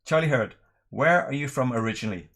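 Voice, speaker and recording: A middle-aged man from Northern Ireland, with an accent mixed with English, hosting a relaxed whisky livestream and chatting through viewer questions. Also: medium pitch, a little fast. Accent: mixed Northern Irish and English. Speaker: whisky channel host. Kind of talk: casual livestream chat.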